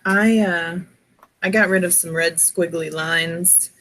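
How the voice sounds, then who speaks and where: A woman with a slightly raspy voice chatting casually with friends, laughing often and speaking in a sing-song way. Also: fairly low pitch, steady tone, takes it slowly, fairly bright tone, a little hiss or hum. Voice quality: slightly raspy, coughs easily. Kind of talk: casual chat.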